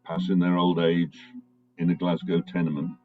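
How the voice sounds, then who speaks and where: A man introducing a folk song, telling its story slowly and hesitantly. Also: sits low, little pitch movement. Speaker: folk singer. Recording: dull home recording with guitar.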